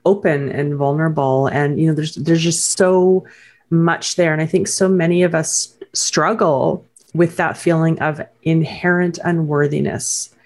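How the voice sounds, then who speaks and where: A woman's voice: deep voice, fairly even intonation, a little slow. A woman hosting an interview, affirming and encouraging as she responds to her guest. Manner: warm, affirming, speaks in soft encouragements. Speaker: host. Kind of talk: interview host.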